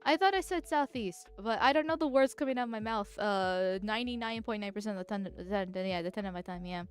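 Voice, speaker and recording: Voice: medium pitch, quick pace, smooth, soft background music. A political vtuber streamer chatting casually and reading chat, speaking through a voice changer in a rambling, giggly way. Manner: rambling and giggly, with frequent restarts.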